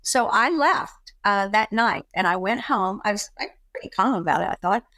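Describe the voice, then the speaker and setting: A middle-aged woman talking in a relaxed chat, telling a personal story and acting out the voices of people in it. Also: medium pitch, moderate pace, dry recording. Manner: animated, acts out quoted dialogue. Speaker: guest.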